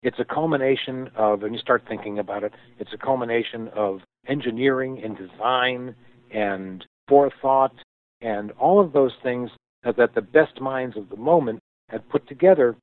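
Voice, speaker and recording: A man being interviewed, telling a story with thoughtful pauses and frequent restarts as he explains things. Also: mid-range voice. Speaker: guest, company founder. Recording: tinny phone-like line, dry.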